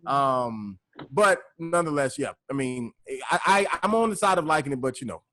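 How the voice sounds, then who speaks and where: A man's voice: mid-range voice, expressive, normal speed, pushed and bright. A man co-hosting a casual film podcast, rambling and repeating himself, often saying "you know what I'm saying". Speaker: podcast co-host.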